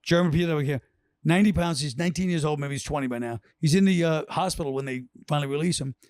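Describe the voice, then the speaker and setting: Fast-talking man telling rambling stories. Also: fairly high pitch, a little mellow, no room sound. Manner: rambling storyteller, acts out quotes. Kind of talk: casual chat.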